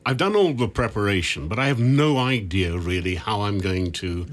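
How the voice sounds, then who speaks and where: A man's voice: on the low side, expressive, normal speed. An older man, an actor, speaking hesitantly in an interview with stammered restarts. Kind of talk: interview conversation.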